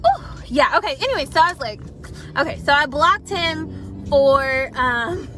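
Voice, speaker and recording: A high-voiced young woman rattles through a dating mishap, loose and chatty, dropping curse words and calling out to her viewers. She records on her phone from her car, and heavy vehicle noise runs under her voice. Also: animated, measured pace, bright, forceful tone. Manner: chatty, profane, addresses viewers as y'all. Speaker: vlogger. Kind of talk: casual storytime vlog.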